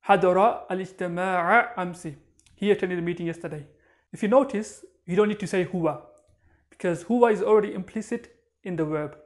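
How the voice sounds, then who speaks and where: Patient man teaching a grammar lesson. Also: sits high. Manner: patient, explains step by step and repeats each example. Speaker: Arabic teacher.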